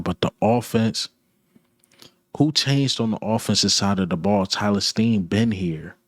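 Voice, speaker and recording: A man's voice: lowish voice, a little slow, dry recording, studio quality. A man ranting about his football team, blunt, frustrated and repetitive, in casual sports talk. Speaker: sports commentator.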